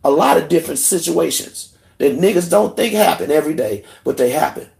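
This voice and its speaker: Angry guy venting on a stream, swearing a lot, drops to a mutter then yells, kinda choked up. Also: animated, a little fast, gravelly. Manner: heated, profane, swings between low muttering and shouting. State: emotional, in tears. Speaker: livestream host. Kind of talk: angry livestream rant.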